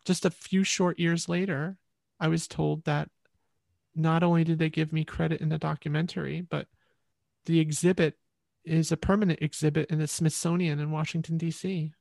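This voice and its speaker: A woman's voice: sits low, flat delivery, normal speed, gravelly, darkish tone, no room sound, studio quality. A woman musician, a guest in an interview, telling her story in a rambling, reflective way.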